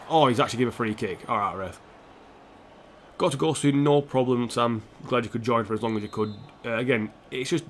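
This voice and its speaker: A man's voice: fairly low pitch, a little hiss or hum. A man streaming a football video game, commenting casually on the match while chatting to viewers and poking fun at himself. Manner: chatty, self-mocking, reacts to the match and answers chat. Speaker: streamer playing a football career mode.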